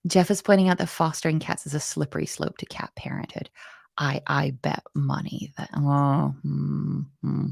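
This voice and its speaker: A woman's voice: low-pitched, normal speed, gravelly, a little mellow, husky, no echo. A woman teaching a live-streamed coding lesson, chatty and playful, thinking aloud and answering chat comments. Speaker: coding bootcamp instructor.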